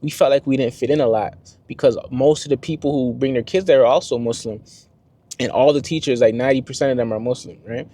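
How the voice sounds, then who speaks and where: A man's voice: mid-range voice, fast. A young man and first-time father telling a story to the camera in a casual, slangy vlog style. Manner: slangy, conversational, animated retelling.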